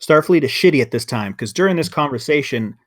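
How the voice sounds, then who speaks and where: A man's voice: a little high, lively intonation, fast. A man co-hosting a podcast in casual chat, rambling and getting heated, with frequent restarts. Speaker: podcast co-host.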